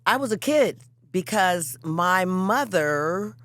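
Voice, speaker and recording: A woman's voice: on the low side, takes it slowly, no room sound. A woman songwriter, a guest, telling stories in casual chat and swearing freely. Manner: animated, acts out quotes in voices, swears freely.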